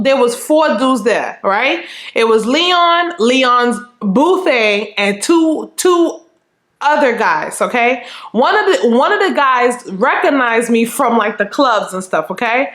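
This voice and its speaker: A woman vlogger telling a story in casual chat, animated and profane, acting out scenes with quoted remarks. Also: high-pitched. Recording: roomy echo.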